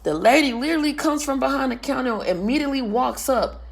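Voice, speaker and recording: A woman vlogger telling a story in a loud, carrying voice, blunt and full of profanity. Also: sits high, lively intonation, quick pace, vocal fry, breathy edge. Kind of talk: casual storytelling rant.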